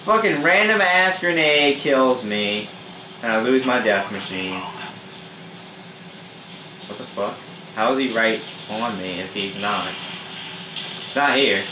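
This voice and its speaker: A young man giving casual live commentary over his own multiplayer matches, swearing freely, quick to get angry and laughing at his own mishaps. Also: medium pitch, background noise. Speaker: gamer doing live commentary. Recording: roomy echo with faint ambience.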